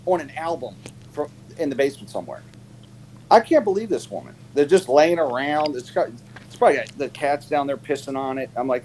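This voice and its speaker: A man on a casual live panel chat, telling stories with lots of fillers and sharp jumps in pitch when he quotes people. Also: a little fast, slight background noise, rough recording. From United States. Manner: animated storyteller, many fillers, pitch jumps when quoting.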